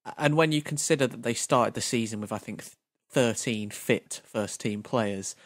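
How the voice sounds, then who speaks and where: A man's voice: mid-range voice, normal speed, dry recording. A man in a middle voice co-hosting a football chat. He is thoughtful and analytical, building his points step by step. The recording is dry and close. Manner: thoughtful, analytical, laughs along. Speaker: podcast co-host.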